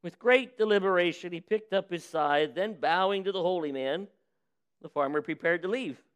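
A man preaching as a pastor, who reads a parable aloud with lively voices for its people and then preaches on it. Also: high-pitched, moderate pace, clean tone. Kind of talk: sermon with a read-aloud story. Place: church.

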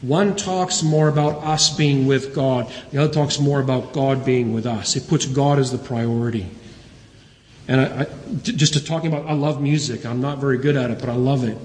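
A man's voice: medium pitch, fairly even intonation, moderate pace, darkish tone, a little hiss or hum. A man preaching a sermon in a church, earnestly quoting scripture and building emphasis. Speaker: pastor. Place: church sanctuary. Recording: roomy church hall reverb.

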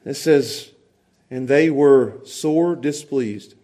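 A man preaching a sermon, animated, moving between quiet asides and loud, laughing bursts. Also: mid-range voice, very slow. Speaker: pastor.

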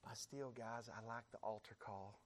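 An American man preaching a sermon in a church, building his repeated phrases up into fervent shouts while the congregation answers with amens. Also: fairly low pitch, steady tone, moderate pace, slight background noise. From United States. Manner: rising to fervent shouts, repetitive rhythmic phrasing.

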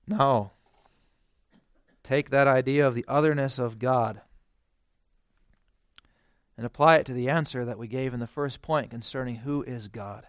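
A male preacher delivering a sermon, swinging from hushed, quiet phrases to loud, emphatic declarations. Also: medium pitch, a little slow, long pauses, smooth, no room sound, clean studio sound.

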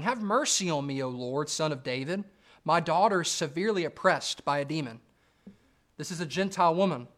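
Male preacher, slightly high voice, measured sermon delivery with emphatic lifts. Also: a bit bright.

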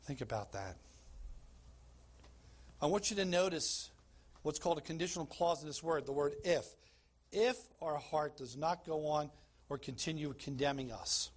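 A man's voice: fairly high pitch, animated, moderate pace, pauses often. A man preaching a sermon as pastor of a church, emphatic, asking the congregation questions and calling for slides.

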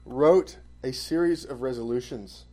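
A man delivering a sermon, his voice mellow and warm in tone. He punches key phrases with sudden bursts of volume, then drops back to an even teaching voice. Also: mid-range voice, measured pace. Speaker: preacher.

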